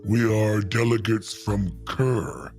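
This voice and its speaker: A man voicing a confident, condescending male delegate in a tabletop game, speaking deliberately. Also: on the low side, steady tone, a little mellow, faint music behind. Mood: haughty. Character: confident pompous male delegate, large hands.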